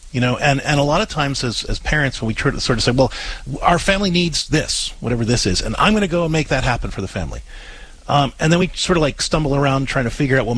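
Man, husky voice, lively rising and falling pitch, earnest advice, halting restarts. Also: rough recording. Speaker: advice show co-host. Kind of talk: casual advice talk.

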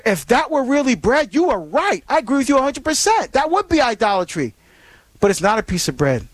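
A man's voice: high voice, dry recording. A man hosting a call-in radio show, preaching earnestly and rambling with many fillers and restarts.

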